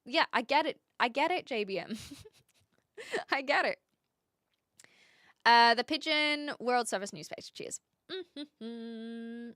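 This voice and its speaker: A woman's voice: a little high, animated, takes it slowly, pauses often, a bit bright, no echo, studio quality. A woman with an Australian accent, chatting casually with her live stream viewers, often restarting her sentences as she answers the chat.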